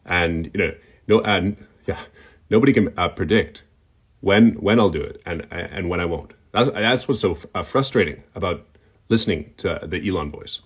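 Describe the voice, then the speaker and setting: A young man walks through a comedy impression step by step, talking in a relaxed instructional way. His voice sits on the low side, and he often stops mid-thought to demonstrate. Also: moderate pace, breathy edge, muffled recording. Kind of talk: comic tutorial.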